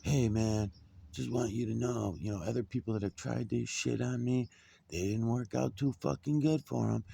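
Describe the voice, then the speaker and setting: A man's voice: fairly low pitch, animated, moderate pace, gravelly, dark tone, a little hiss or hum, pitched above the performer's own voice. A man voicing a threatening male cop landlord, profane and menacing.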